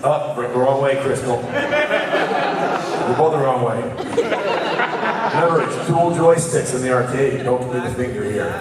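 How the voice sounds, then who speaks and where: A hoarse man emcees a game contest on a convention stage and ribs the players as he calls the action. His voice is medium in pitch and heard from a distance. It rings through a big reverberant hall over a buzzing crowd. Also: sing-song, a little slow, long pauses. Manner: joking, teasing play-by-play. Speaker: convention panel host. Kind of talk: live panel emceeing a game challenge. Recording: echoey hall, from far off, audience crowd.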